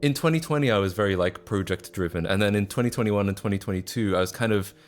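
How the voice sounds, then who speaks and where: Talking quickly in a lowish voice, this Australian man in his twenties rambles through a casual livestream chat, full of fillers and false starts. His accent mixes Australian, British and North American sounds, with soft background music underneath.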